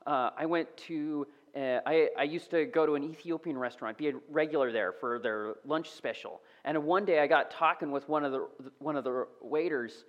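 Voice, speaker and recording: A man giving a casual, animated sermon, sometimes dropping to a whisper. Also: fairly high pitch, moderate pace, hardly any pauses, dull audio. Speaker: preacher. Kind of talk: conversational sermon.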